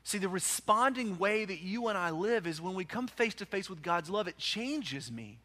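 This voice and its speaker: A male pastor delivering a sermon with a high, bright voice. He preaches with passion, swelling to loud urgent peaks and then sinking into hushed, quiet stretches. His tone is forceful and clear. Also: lively intonation, normal speed.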